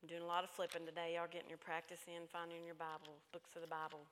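A woman's voice: lowish voice, monotone, fast talker, a bit bright. A middle-aged woman, speaking at a church conference and telling stories in an emphatic, folksy way. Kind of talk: sermon-style talk. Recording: echoey hall.

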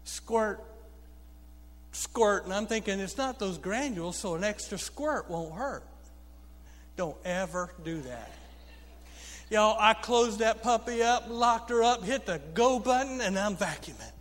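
A pastor preaching a sermon, telling funny stories and calling out to the congregation. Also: male voice, high-pitched, animated, a little slow, fairly bright tone. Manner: storytelling preacher, humorous asides to the congregation. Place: church sanctuary. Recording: long reverb of a church hall.

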